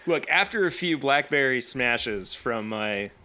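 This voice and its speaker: A man's voice: medium pitch, animated, unhurried, bright, forceful tone. Chatty man co-hosting a podcast. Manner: conversational, with frequent fillers and restarts. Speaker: podcast co-host. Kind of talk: casual chat.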